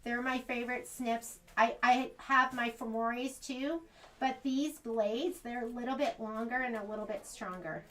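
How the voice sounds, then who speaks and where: A woman's voice: a little high, fairly even intonation, moderate pace, fairly bright tone. An American woman demonstrating machine embroidery in a sewing shop, chatting casually and thinking aloud as she works.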